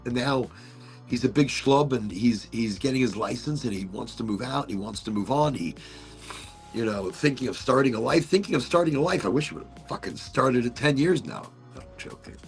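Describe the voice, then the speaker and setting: A middle-aged man with a gravelly voice talks in a loose, rambling way, swearing and restarting his sentences. His pitch swings widely and sits a bit high, he is tearing up, and faint music plays behind him. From Florida. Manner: rambling, profane, emotional, frequent restarts. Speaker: podcast host. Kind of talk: casual chat.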